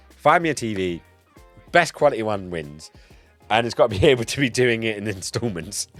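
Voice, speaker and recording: A man streaming live in casual chat, a bit tipsy, excitable and swearing, swinging between loud outbursts and low mumbles. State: tipsy from cider.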